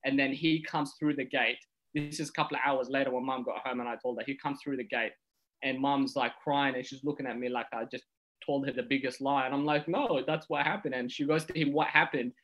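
Male comedian guest, lively storyteller, mid-pitched. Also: fairly quick, highs cut off. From Ethiopia. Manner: animated storyteller, acts out quotes. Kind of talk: podcast storytelling.

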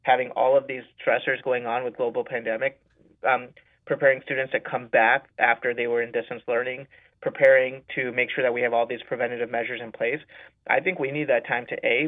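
A man, a school superintendent, giving a radio interview by phone and methodically laying out his reasons point by point. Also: medium pitch. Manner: methodical, lays out numbered reasons. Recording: tinny phone line.

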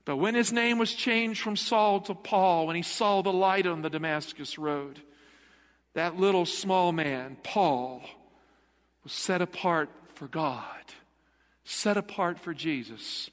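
Speaking slowly in a high, fairly bright voice, a middle-aged pastor preaches emphatically in a church sanctuary. He keeps asking the congregation rhetorical questions, and the hall's reverb lingers long.

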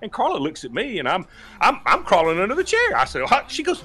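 A man telling a long comic story on a talk show, lively and laughing, acting out the voices of the people in it. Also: high-pitched, a little fast, soft background music. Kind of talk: animated storytelling.

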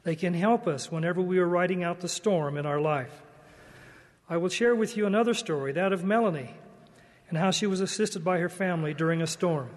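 A man giving a devotional church talk in a slow, earnest, measured way. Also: high-pitched, in a large hall. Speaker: church speaker.

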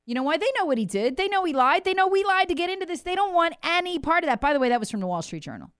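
Sarcastic woman commentator, dry and lively. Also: very fast, dry recording. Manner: sarcastic, mocking impressions of officials; animated swings between loud jabs and low asides. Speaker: political commentator host. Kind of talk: opinionated political commentary.

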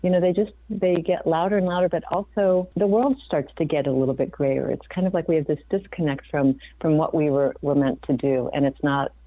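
A woman in her fifties with a low, deep voice speaks earnestly and reflectively, often backing up to restart a thought. The sound is thin and phone-like, dry with no room around it. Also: steady tone, brisk, few pauses, dry recording. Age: 50s. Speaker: guest physician. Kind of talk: conversational interview. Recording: dry, phone-like remote audio.

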